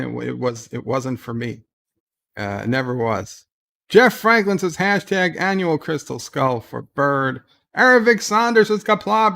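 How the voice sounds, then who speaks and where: A man's voice: mid-range voice, gravelly, a bit bright. A man hosting a casual livestream who reads out viewer messages and rambles with sardonic asides and frequent restarts. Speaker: livestream host.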